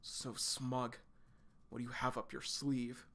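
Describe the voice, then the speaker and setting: A man voicing a calm, guarded teenage boy from a comic he is reading aloud, speaking low and hushed. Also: slow pace, vocal fry, exaggerated voice. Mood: wary.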